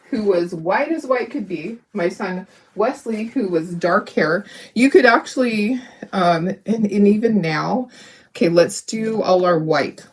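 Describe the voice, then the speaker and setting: A woman's voice: on the low side, a little hiss or hum. A middle-aged woman hosting a craft video, chatting casually and rambling as she paints, laughing often and talking to her viewers. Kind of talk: casual chat while painting.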